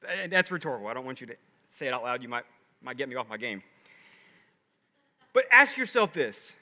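A male pastor delivering an animated, emphatic sermon full of rhetorical questions in a large church with a balcony. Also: medium pitch, fairly quick. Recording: echoey sanctuary reverb.

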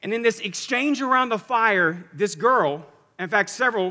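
Bright-voiced preacher in a reverberant hall. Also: male voice, sits high, normal speed. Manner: animated storytelling, swinging from loud to hushed. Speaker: pastor. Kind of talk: sermon.

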